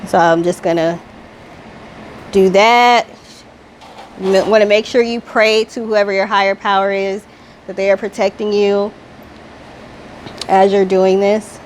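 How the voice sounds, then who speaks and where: A woman at a middle pitch walks viewers through a spiritual healing ritual in relaxed, everyday speech. Her tone stays gently instructive and unhurried. She reads her affirmations slowly and deliberately. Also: a little hiss or hum. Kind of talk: guiding a ritual step by step.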